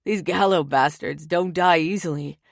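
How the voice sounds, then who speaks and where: A woman's voice: fairly low pitch, normal speed, gravelly, no room sound, clean studio sound. A woman voicing a young mafia man who stays cheerful and blasé, in an audiobook. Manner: blasé, cheerful under fire. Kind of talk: audiobook character voice.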